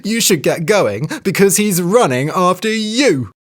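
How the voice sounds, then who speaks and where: A storyteller voicing a wily, cheeky female hare in a children's story, speaking high, chirpy and sly. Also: animated, unhurried, close to an everyday voice. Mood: breathless, sly.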